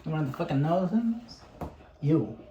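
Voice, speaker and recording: A man's voice: fairly high pitch, lively intonation, normal speed, mellow, highs cut off. A young man chatting casually while gaming, rambling and swearing freely. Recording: echoey room, faint background hum.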